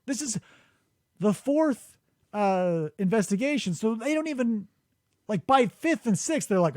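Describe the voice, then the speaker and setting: Animated high-voiced man telling stories. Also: a little slow, no room sound, clean studio sound. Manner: animated storytelling, acts out quotes, swears freely. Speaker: podcast host. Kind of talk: casual chat. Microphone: studio microphone.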